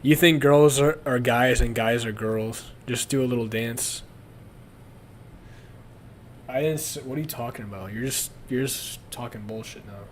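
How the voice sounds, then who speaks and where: A man's voice: mid-range voice, measured pace, slight background noise. Crude rambling young man streamer. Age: young adult. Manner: crude, rambling, laughs often. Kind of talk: casual livestream chat.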